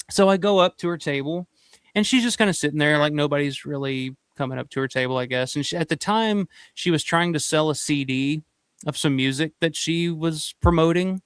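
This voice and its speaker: A man's voice: on the high side, normal speed, clean tone, dry recording. A man hosting a casual live-stream chat, talking loosely with lots of swearing and fillers like "like" and "you know". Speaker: host.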